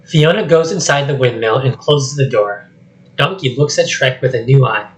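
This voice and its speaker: A man's voice: medium pitch, normal speed, low-quality recording. A young man reading stage directions aloud, plain and matter-of-fact. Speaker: script reader.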